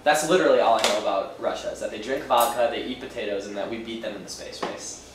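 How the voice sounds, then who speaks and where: Fast-talking and fairly low-pitched, a young man gives a casual, rambling confessional to camera in his apartment room. He's hesitant and self-deprecating with lots of fillers, and the audio has a roomy echo and faint background noise.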